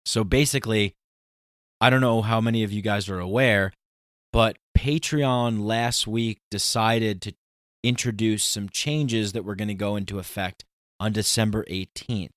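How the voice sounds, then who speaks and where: A man hosting his own podcast, talking through a solo intro in an animated, ranting, conversational way. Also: fairly low pitch, measured pace, dry recording, studio quality. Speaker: podcast host.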